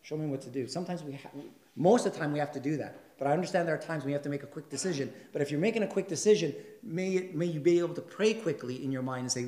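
A male pastor preaching a sermon in a conversational way. He asks his listeners questions and builds to loud, emphatic passages. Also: on the high side, racing. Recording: echoey room.

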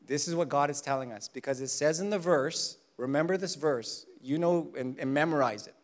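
A man preaching a sermon as pastor, joking at his own expense and slowing down to stress the verses he reads. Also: fairly high pitch. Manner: humorous, self-mocking, lively storytelling. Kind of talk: sermon with Bible reading.

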